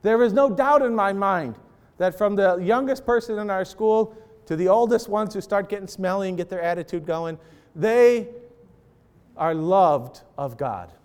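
A pastor with a high, slightly mellow voice preaches an impassioned sermon to parents and students. As he acts out prayers, his delivery rises and falls.

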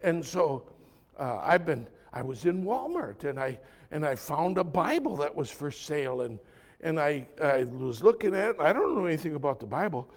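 A man voicing an anxious adult woman who haltingly asks how to get to heaven, stumbling over her words. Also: deep voice, big pitch swings, a little mellow, long reverb tail, voice pushed down.

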